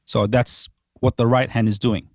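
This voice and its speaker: A man teaching a drum lesson, explaining patterns calmly step by step. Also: medium pitch, moderate pace, over music.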